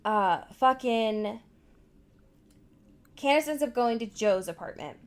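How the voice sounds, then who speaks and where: Unhurried woman swearing through a recap. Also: fairly high pitch, lively intonation. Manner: loose, profane, full of fillers and acted-out quotes. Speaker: podcast co-host. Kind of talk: casual episode recap chat.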